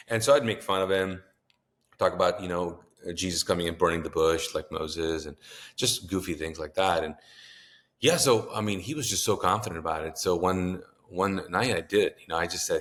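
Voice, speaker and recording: A man in his fifties speaks with a notably low voice. He is a pastor talking with a host and tells a personal story in earnest. He slips into the voices of the people he quotes. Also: fairly quick, fairly bright tone. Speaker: pastor and author, interview guest.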